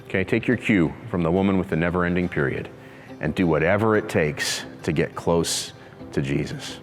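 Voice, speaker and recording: Male pastor, casual conversational sermon, low voice, reverberant hall. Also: normal speed, faint music behind. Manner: conversational preacher, acts out voices, laughs easily.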